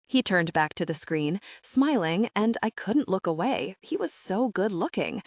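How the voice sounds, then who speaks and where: Female audiobook narrator, expressive, wide-ranging delivery, dry booth. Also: on the low side, moderate pace, dry recording. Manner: expressive, wry. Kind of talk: first-person audiobook narration.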